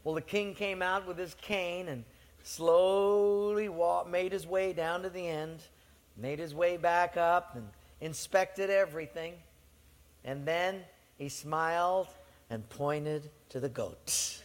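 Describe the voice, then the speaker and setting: A male preacher with a high-pitched voice delivers a sermon as a lively story. He slips into the voices of the people in it, and his words carry through a church hall with a long, trailing echo. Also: slow. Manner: animated storytelling, acting out voices.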